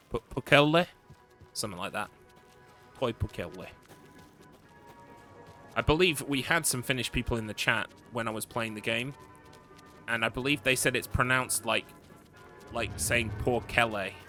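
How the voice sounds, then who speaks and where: A man's voice: medium pitch, bright, forceful tone. Swearing man streaming a game. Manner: chatty, swears casually, greets chat. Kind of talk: casual gameplay commentary.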